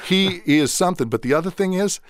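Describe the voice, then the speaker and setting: A man guest talking casually in an interview, telling animated stories, acting out quotes and laughing often. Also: sits high, fairly quick. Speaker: guest actor and director.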